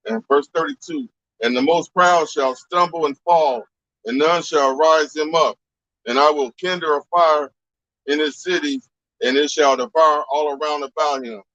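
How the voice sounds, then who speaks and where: A man reading scripture aloud in a measured way and then chatting plainly. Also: on the high side, fairly even intonation, fairly bright tone, no room sound. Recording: dull lo-fi sound.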